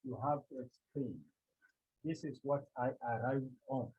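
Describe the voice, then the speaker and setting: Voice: medium pitch, fairly even intonation, measured pace, breathy edge, phone-quality sound. A Greek teacher from Cameroon, lecturing a class, repeating key words and asking the students rhetorical questions.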